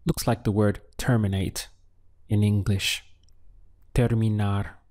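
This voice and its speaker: A man teaching a language lesson, calmly prompting the listener and pausing for their answers. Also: fairly low pitch. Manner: slow, patient prompting with pauses for answers. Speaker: Spanish teacher.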